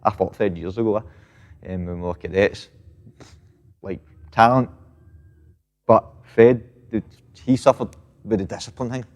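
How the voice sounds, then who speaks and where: Scottish male boxer in his thirties, deep-ish voice, loose and profane, recorded with lingering reverb. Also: a little slow, pauses often. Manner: swears freely, fills with "mate" and "know what I mean". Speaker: professional boxer, guest. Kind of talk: casual interview reminiscing. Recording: long reverb.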